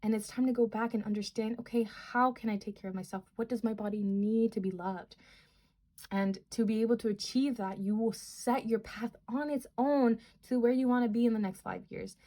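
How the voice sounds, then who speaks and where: A woman's voice: a little high, fairly even intonation, a little fast, warm tone. Young woman tarot reader, chatty and rambling, earnest tone. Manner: rambling, filler-heavy, earnest. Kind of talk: casual tarot reading.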